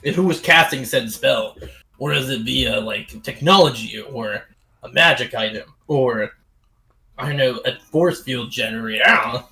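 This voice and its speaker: A man playing in a tabletop game, chatting casually with quick jokes and curious questions. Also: mid-range voice, gravelly, pushed and bright, poor audio. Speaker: player.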